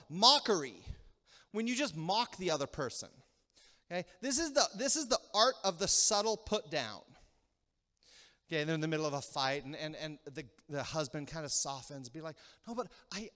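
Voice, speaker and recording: A man preaching a sermon as pastor, animated, acting out little quarrels and checking in with the congregation. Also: on the high side. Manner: animated, acts out quick mock quarrels, asks the crowd "okay?". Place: church sanctuary. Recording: reverberant church hall.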